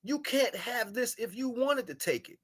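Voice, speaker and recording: A man on a livestream giving a spiritual monologue, shifting between solemn murmurs, loud scolding and slangy, laughing chat with viewers. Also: extremely high pitch, lively intonation, normal speed. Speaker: live stream host. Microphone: live stream microphone.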